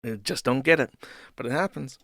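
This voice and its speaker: A man's voice: medium pitch, a little fast, fairly bright tone, no echo, clean studio sound. A young man hosting a stream, ranting at a clip to his chat in an exasperated, profane, rambling way. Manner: exasperated, profane, rambling with restarts and mocking laughs. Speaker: streamer host reacting to a clip.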